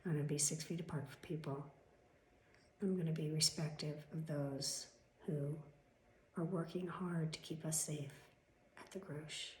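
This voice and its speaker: A woman venting in a casual vlog, swearing freely and swinging between loud outbursts and whispered asides, a little chesty. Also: low voice, fairly even intonation, normal speed, roomy sound, slight background noise. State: coughing, chesty. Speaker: vlogger.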